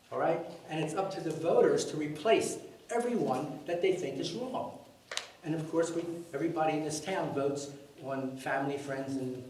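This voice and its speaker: A man stands at a public meeting and tells his story bluntly, clearly fed up and not shy about swearing. His voice sits a bit high. He is recorded from across a very echoey meeting room, with a faint hiss underneath. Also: a little mellow, recorded from a distance. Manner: blunt and exasperated, swears, acts out dialogue. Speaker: resident giving public comment.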